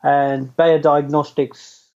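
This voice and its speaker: Slow-paced and level in tone, a middle-aged interview guest recounts his story in a loose, chatty manner, self-deprecating and quick to laugh. His mellow, dark voice runs high for a man, and the lo-fi recording is dull.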